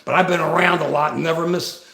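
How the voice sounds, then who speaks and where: A man's voice: fairly high pitch, steady tone, fast talker, gravelly, sharp tone. A man hosting a political commentary livestream, talking with passion, asking rhetorical questions and often repeating his words. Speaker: livestream host. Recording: echoey room.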